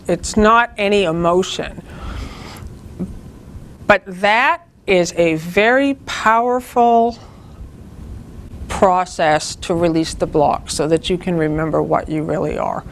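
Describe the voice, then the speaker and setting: A woman's voice: on the low side, a little hiss or hum. A woman leading a spiritual group, giving an earnest, informal talk that teaches through personal stories.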